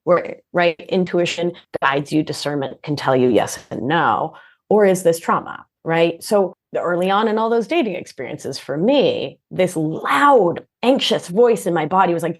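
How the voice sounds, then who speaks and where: Woman expert guest, lower voice, lively and explanatory. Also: moderate pace. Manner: animated, expressive explainer, often asks "right?". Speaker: podcast guest, nurse practitioner and coach. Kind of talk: conversational interview.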